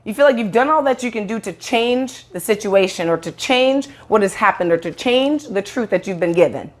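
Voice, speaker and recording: A woman's voice: medium pitch, animated, moderate pace. A woman in a casual monologue to camera, blunt and profane, rambling with restarts and acting out quoted voices. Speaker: online video host.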